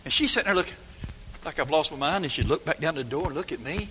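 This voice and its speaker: An older man preaching a folksy sermon, swinging from hushed asides to shouted lines in a church. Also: a little high, quick pace, husky. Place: church sanctuary. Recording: long hall reverb.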